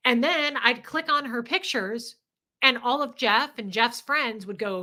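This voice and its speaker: A woman's voice: on the high side, a little slow, pushed and bright. A woman hosting a livestream, talking candidly and emotionally, swearing freely as she reads viewer comments. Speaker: livestream host.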